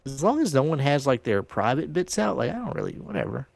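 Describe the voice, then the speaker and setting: A man from the southern United States, a podcast co-host, chatting casually and teasing with quick interjections. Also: on the high side, big pitch swings, creaky, no room sound. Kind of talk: casual chat.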